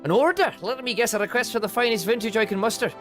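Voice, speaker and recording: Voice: mid-range voice, fast, faint music behind, pitched above the performer's own voice, natural voice. A streamer voicing a small, blind, retired mercenary turned wine merchant, with a put-on Scottish accent and a raised, theatrical delivery. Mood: shrewd. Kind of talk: reading game dialogue aloud.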